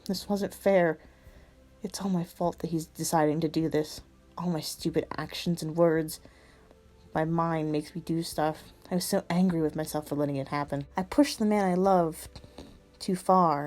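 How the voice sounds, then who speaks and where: Low-voiced woman reading a story. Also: a little mellow. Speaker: fan fiction reader. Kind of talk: first-person story reading.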